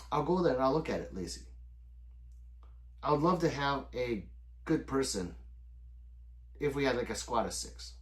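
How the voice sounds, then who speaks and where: A middle-aged man hosts a late-night livestream, chatting loosely with viewers at his desk mic and reading their messages aloud. His talk rambles and is peppered with swearing. His pitch swings widely, rising and dropping from phrase to phrase. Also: animated, normal speed, pauses often. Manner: loose and rambling, swears often, answers chat by name. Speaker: livestream host reading chat.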